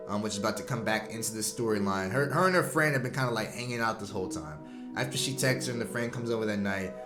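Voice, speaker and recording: A man casually recapping a horror movie, animated and slangy, acting out the characters' lines and laughing often. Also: mid-range voice, reverberant. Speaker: movie reviewer.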